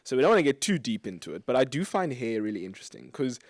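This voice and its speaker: A man from South Africa chats on a podcast as one of its radio hosts. His pitch swings freely as he jokes and laughs through the banter. The sound is close and dry. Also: big pitch swings, fast talker, no room sound. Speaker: radio host. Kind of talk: casual podcast chat.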